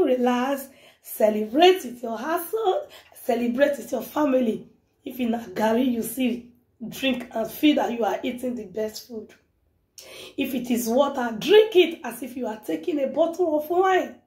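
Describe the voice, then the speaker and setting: Woman vlogger, high mellow voice, preachy and repetitive, echoey room. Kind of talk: motivational talk to camera.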